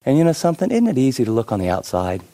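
A middle-aged man preaching a sermon, telling stories with many asides and shifting between lively and hushed delivery. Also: medium pitch, rapid-fire. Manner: animated storytelling with many asides. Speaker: pastor.

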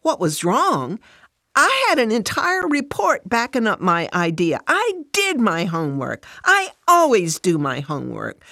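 Woman reading as an upset working mom, defensive and emotional, pitched up a bit, dry audio. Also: expressive, unhurried, dry recording, natural voice.

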